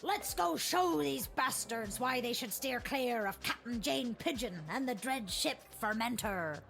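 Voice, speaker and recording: A woman's voice: fairly high pitch, lively intonation, a little slow, vocal fry, fairly bright tone, full character voice. A woman voicing a boisterous female pirate captain in a video game, full of hearty pirate slang and growly laughs. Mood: rowdy. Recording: game audio with faint music.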